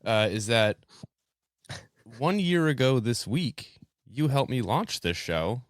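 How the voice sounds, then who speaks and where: A man's voice: medium pitch, very animated, takes it slowly, no room sound, studio quality. A young man hosting a casual podcast, laid-back, swearing freely and laughing often. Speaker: podcast host.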